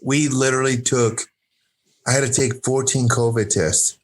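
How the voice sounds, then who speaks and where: A man's voice: mid-range voice, steady tone, moderate pace. Brash, rambling man on a podcast. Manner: brash, swears freely, rambles with many fillers. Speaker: podcast guest, fight coach. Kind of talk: casual podcast chat.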